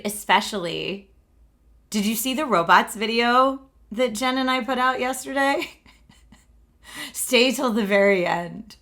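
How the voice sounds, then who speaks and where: A woman's voice: medium pitch, sharp tone. A woman in her thirties from Pennsylvania hosting a livestream, chatting casually, laughing often and filling with "like". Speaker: livestream host.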